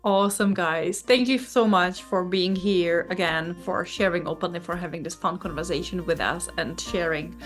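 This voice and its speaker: A woman's voice: lowish voice, moderate pace, few pauses. A woman hosting a podcast, thanking her guests and wrapping up in an upbeat way. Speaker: podcast host. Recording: faint music underneath.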